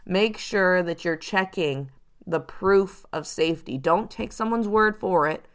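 A woman giving casual advice to viewers as a psychic show host, chatty and animated, now and then acting out the people she warns about. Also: lowish voice, measured pace, clean tone. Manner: chatty, animated, acts out quoted hustlers.

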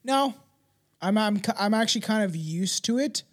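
A man's voice: high voice, expressive, normal speed. A man co-hosting a podcast in casual chat, rambling and profane, laughing easily and dropping into a mumble. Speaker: podcast co-host.

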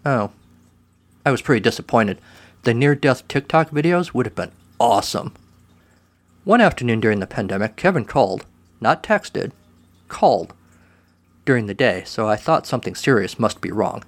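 A man's voice: medium pitch, expressive, normal speed. Man reading a wry first-person story.

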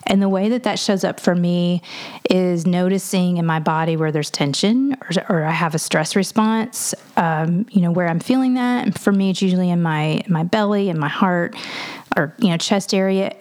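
Female coach and co-host with a somewhat low voice, musing and searching for words in an easy podcast chat. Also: darkish tone. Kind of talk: reflective podcast conversation.

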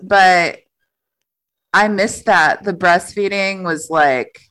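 A woman's voice: fairly low pitch, slow, fairly bright tone, clear, resonant tone, rough recording. A middle-aged woman talking casually on a podcast. She rambles through her stories, pokes fun at herself and fills her speech with "like" and "you know". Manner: rambling, self-deprecating, filler-heavy storytelling with frequent laughs. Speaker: podcast guest. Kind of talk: casual chat.

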